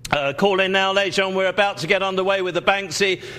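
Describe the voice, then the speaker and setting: A man's voice: high voice, steady tone, rapid-fire. Salesy male TV auction host. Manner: salesy, many fillers, repeats "ladies and gentlemen". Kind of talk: live TV auction presenting.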